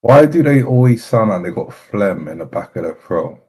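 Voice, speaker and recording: A man's voice: on the low side, big pitch swings, normal speed, mellow, breathy edge, rough recording. A man hosting, giving blunt, sarcastic commentary on clips in a drawling way. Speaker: host reacting to clips. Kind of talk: mocking commentary.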